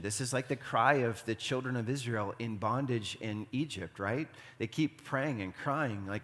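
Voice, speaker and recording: A man's voice: medium pitch, moderate pace, a bit bright, in a large hall. A man giving a conversational sermon as pastor, often speaking prayers aloud in the first person. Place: church sanctuary.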